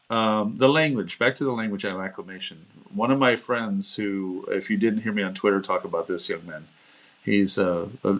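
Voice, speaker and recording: A man with a fairly low voice hosts a casual livestream, rambling from anecdote to anecdote. He laughs at himself and slips into quoted voices as he tells stories. The sound is dull and lo-fi, like compressed stream audio. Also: gravelly. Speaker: livestream host.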